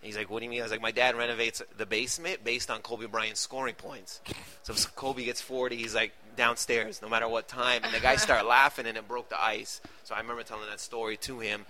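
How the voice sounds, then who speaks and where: A man's voice: mid-range voice, level tone, a little fast, pushed and bright. Rambling man telling stories. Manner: rambling storyteller, acts out voices. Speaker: stand-up comedian guest. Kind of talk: casual podcast chat.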